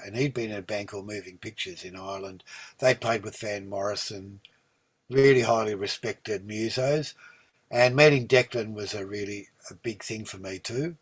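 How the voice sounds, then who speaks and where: An Australian singer-songwriter in his sixties, appearing as a guest, has a lowish voice with a breathy edge. In a relaxed storytelling conversation he spins long, rambling tales full of ums and restarts, warm throughout and lively when recounting events.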